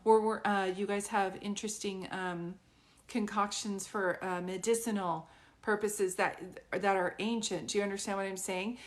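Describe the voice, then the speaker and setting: Steady in tone and moderate in pace, a woman with a mid-range voice works as a psychic medium during a live reading. Her delivery is rambling and filler-heavy, with an earnest, pleading quality as she keeps asking if it makes sense.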